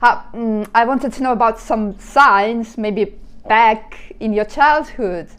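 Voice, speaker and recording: A woman guest in a casual conversation who asks gentle, unhurried questions. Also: a little high, clear, resonant tone.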